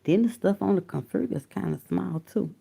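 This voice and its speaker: A woman's voice: on the low side, fairly quick, gravelly, mellow, husky. Blunt, profane woman live-streaming. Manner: blunt and profane, calling viewers honey and baby. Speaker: livestream host reading viewer comments. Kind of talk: casual live-stream chat. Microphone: phone or computer mic.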